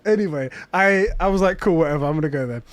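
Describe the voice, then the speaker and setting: A man's voice: a little high, fast talker, no room sound. A man co-hosting a casual podcast, telling a story with lots of energy and acting out the quoted voices. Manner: animated, acts out quoted voices. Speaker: podcast co-host.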